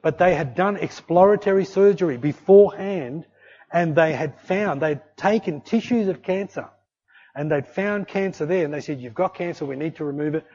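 Animated preacher man. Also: fairly high pitch, moderate pace. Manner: animated storytelling, acting out quoted voices. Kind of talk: sermon storytelling. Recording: dull lo-fi recording.

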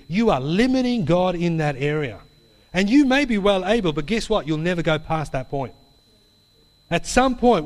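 A man preaching a sermon. He tells a personal story in a chatty way, with "you know" and "hey?" tags, before he draws the lesson. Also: high-pitched. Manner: chatty storytelling with tag questions. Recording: long hall reverb.

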